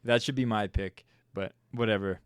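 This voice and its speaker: A man's voice: on the low side, fairly even intonation, moderate pace, smooth, dry recording, studio quality. A young man cohosting a podcast, joking and laughing in casual banter. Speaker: podcast co-host. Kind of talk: casual chat.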